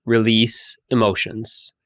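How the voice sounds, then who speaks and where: A man teaching about emotions in a slow, repetitive way, often restarting his sentences. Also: fairly low pitch, monotone, fairly bright tone, no room sound, studio quality. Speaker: meditation teacher. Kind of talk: spoken guidance talk.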